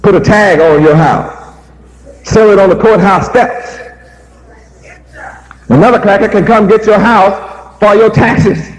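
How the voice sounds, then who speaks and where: A man's voice: high-pitched, measured pace, pauses often, poor audio. A man preaching a sermon, emphatic and repetitive, firing rhetorical questions at his listeners.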